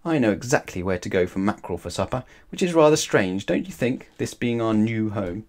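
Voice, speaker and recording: A man's voice: on the low side, animated, a little fast, a little mellow. A man voicing a stubborn, grumpy father otter in a children's storybook reading. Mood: cheerful. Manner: gruff, bossy.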